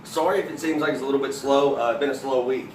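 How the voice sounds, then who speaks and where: A man's voice: mid-range voice, fast talker, slight background noise. A man telling stand-up stories in a rambling way, with many fillers and restarts. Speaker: comedian. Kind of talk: stand-up storytelling. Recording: roomy, from a distance.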